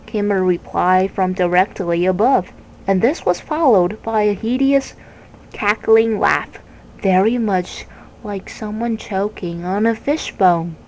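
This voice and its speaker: Slow, measured woman reading a children's book. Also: mid-range voice, darkish tone, slight background noise, poor audio. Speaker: reader. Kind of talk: reading a children's novel aloud.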